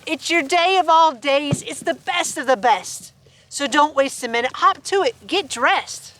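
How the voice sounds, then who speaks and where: A woman's voice: high-pitched, expressive, unhurried, fairly bright tone, slight background noise. A woman reading a rhyming picture book aloud to her farm animals outdoors, playful and laughing between verses. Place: outdoors on a farm with sheep and dogs.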